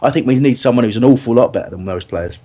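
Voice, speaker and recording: A man's voice: mid-range voice, fast, breathy edge. A man hosting a football chat podcast, arguing his point with lots of restarts. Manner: animated, argumentative, lots of restarts. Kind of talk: casual chat.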